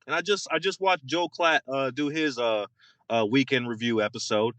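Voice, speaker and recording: A young man co-hosting a casual sports podcast, ranting in an animated, mocking way with lots of fillers and repeated words. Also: fairly high pitch, no room sound. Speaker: podcast co-host.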